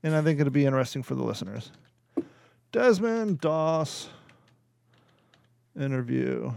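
A man's voice: mid-range voice, big pitch swings, measured pace, gravelly, darkish tone, clean tone, no room sound, clean studio sound. A man from Kentucky hosting a podcast, casually chatting and reading movie reviews aloud with a laugh now and then. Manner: chatty, laughs at his own jokes. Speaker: podcast host.

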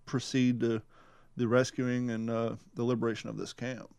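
Smooth-voiced man musing on a podcast. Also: mid-range voice, flat delivery, moderate pace, a little mellow, dry recording. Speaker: podcast co-host. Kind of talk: casual podcast discussion.

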